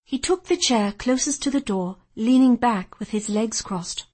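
Husky-voiced woman narrating a novel. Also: on the high side, unhurried, darkish tone. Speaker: audiobook narrator. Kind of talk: first-person storytelling narration.

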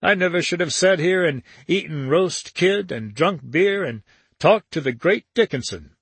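Man playing a relaxed young man, slow drawl, husky bright voice, dry close sound, storybook character. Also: a little high, no room sound, pitched above the performer's own voice, heavily acted. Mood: easy. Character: easygoing young man, cool and smiling.

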